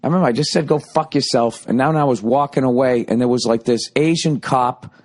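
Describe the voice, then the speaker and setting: A man hosting a solo podcast, rambling through a profane, comic monologue that swings from loud outbursts to low muttering. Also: fairly quick. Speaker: podcast host.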